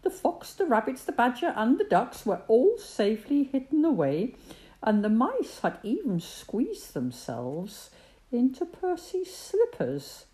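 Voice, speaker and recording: A woman reading a children's story aloud in an expressive, sing-song way. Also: a little high, measured pace.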